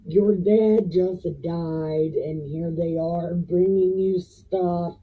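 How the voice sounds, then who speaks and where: A woman's voice: lowish voice, fairly even intonation, very slow, breathy edge, heavily acted. A woman voicing suspicious male elders who give a blunt warning in broken grammar. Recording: tinny phone-like sound.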